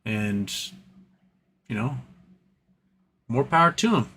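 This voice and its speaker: A man's voice: mid-range voice, lively intonation, slow pace, sharp tone, slightly rough. A man hosting a casual livestream, reading chat messages aloud and answering them in an earnest, rambling way with frequent restarts.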